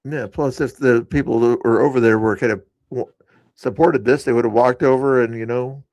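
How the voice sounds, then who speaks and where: A man's voice: mid-range voice, steady tone, fairly quick, a little mellow, dry recording. A man hosting a livestream, chatting casually about politics and commenting on clips he is rewatching. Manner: conversational, laughs and comments while rewatching clips. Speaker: stream host.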